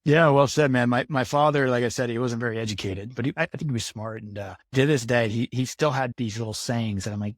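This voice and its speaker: A man's voice: mid-range voice, fast talker, dry recording, clean studio sound. A man talking as a podcast guest in casual interview talk, earnest and motivational, repeating himself for emphasis.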